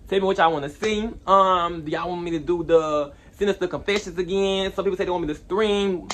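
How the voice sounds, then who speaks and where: A young man telling a storytime vlog in an animated, slangy way, rambling with asides. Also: high voice, brisk. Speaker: vlogger.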